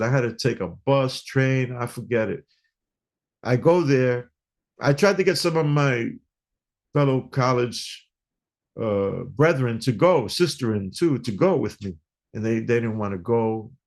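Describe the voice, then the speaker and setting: Animated middle-aged New guest, talks in stories, voices the other people in them. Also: male voice, medium pitch, normal speed. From New York. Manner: animated storyteller who acts out dialogue. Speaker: guest musician. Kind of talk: storytelling interview.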